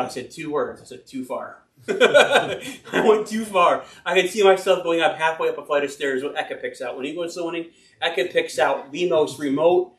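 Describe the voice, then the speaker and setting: A man preaches a loose, chatty sermon, wandering off into personal stories and laughing at himself. His voice sits a little high for a man. It sounds roomy, with echo all around, as if picked up from across a church hall. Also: fairly bright tone, recorded from a distance. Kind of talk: informal sermon. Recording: roomy and from the mic.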